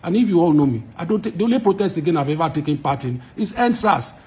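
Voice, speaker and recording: A Nigerian-accented man, a musician, faces the camera and argues emphatically to his followers, circling back to repeat points for force. His slightly high voice moves fast with lively intonation and a touch of mellowness.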